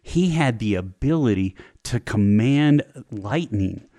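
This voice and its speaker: A male podcast host giving a faith-based talk, retelling a story in a lively storytelling manner. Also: fairly low pitch, takes it slowly, no echo, clean studio sound. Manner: animated storyteller, vivid retelling.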